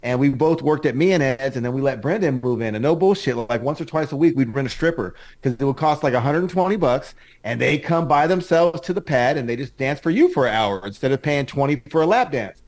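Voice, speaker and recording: A man's voice: medium pitch, expressive, fairly quick, few pauses, a little mellow. A man co-hosting a podcast, telling raunchy stories in loose, profane, boisterous chat. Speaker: podcast co-host. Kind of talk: crude casual chat.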